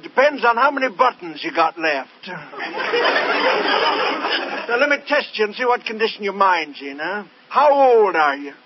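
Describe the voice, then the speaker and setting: A boastful, bumbling quack of a memory doctor, pitched high and talking in an unhurried, folksy, chuckling way. He is heard through a dull, hissy vintage radio broadcast. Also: sing-song, crowd noise. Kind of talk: 1940s radio comedy acting.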